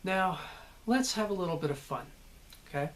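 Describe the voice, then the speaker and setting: A man's voice: high-pitched, expressive, normal speed, fairly bright tone. American man giving a casual acting lesson. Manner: conversational, explanatory, checks in with "okay?". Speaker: actor teaching character work.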